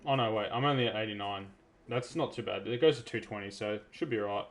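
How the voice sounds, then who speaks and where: A man from South Australia with an Australian accent, giving chatty, excitable live commentary while streaming a game. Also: fairly low pitch, fast. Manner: chatty, excitable, self-interrupting. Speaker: gaming streamer.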